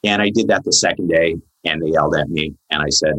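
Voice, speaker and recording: A man in his forties, a psychologist guest on a podcast, telling a long story in a lively, chatty way with lots of fillers. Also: rumbling low, fast talker, few pauses, rough recording. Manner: animated storyteller, many "like" fillers.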